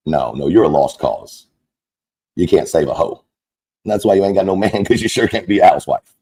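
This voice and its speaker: A man's voice: on the low side, expressive, brisk, warm tone, husky. A man delivering an angry, profane, mocking rant as a content creator. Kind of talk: angry ranting monologue.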